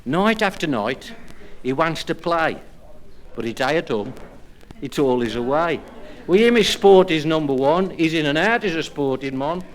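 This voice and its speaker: A man's voice: on the high side, expressive. A man with a Black Country accent doing stand-up jokes and rhyming monologues in dry, broad dialect to a live audience. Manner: dry storytelling in broad dialect, slows for rhymed verses. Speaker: stand-up comedian and monologue performer. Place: live club or pub stage with audience.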